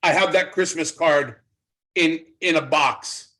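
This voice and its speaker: Middle-aged male ex-wrestler, lively anecdote teller, voice sits a bit high. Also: slow pace, poor audio. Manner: animated storyteller acting out quoted dialogue. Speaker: former pro wrestler, guest. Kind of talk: casual storytelling interview.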